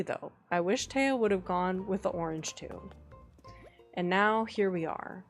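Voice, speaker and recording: Slow-talking playful woman streamer. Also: mid-range voice, faint music behind. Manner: chatty, talks to herself and to chat, swings to excited squeals; playfully exasperated, swears in jest. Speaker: live streamer. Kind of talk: casual live game commentary.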